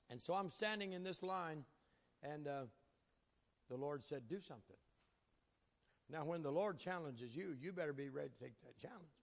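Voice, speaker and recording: A man's voice: a little high, vocal fry. A man preaching a sermon, telling folksy stories from his ministry with chuckles. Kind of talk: sermon storytelling. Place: church sanctuary. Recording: long reverb of a large hall.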